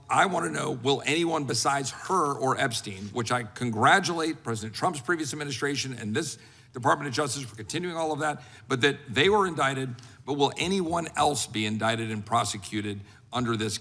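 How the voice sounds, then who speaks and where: A man putting measured, pointed questions to a witness at a congressional hearing. His voice sounds bright and forceful. The large room adds a long trailing reverb. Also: medium pitch.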